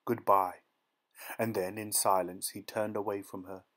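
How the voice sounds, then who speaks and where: A man narrating an audiobook short story in a soft, gentle dramatic reading style. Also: on the low side, little pitch movement, normal speed. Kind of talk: scripted narration.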